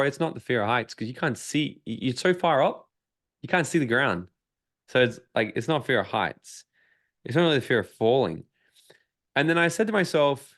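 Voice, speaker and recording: A man telling a personal story as a podcast guest, swearing freely, acting out his own inner dialogue and turning it into motivational advice. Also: medium pitch. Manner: profane, emphatic motivational storytelling. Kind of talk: casual storytelling interview.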